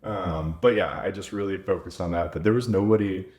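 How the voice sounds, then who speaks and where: Deep-voiced man telling stories. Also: fairly quick, darkish tone. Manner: chatty, quotes himself and others, lots of "like". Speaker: veterinarian and clinic owner. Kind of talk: casual podcast storytelling.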